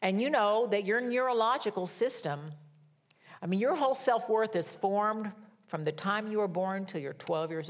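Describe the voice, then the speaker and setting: This is a middle-aged woman with a medium-pitched voice giving a sermon. She alternates between emphatic, slow scripture reading and chatty personal stories.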